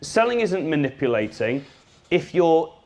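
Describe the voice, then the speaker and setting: Lively high-voiced male trainer. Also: measured pace. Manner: lively and jokey, addresses the audience directly. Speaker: business trainer. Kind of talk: live workshop talk.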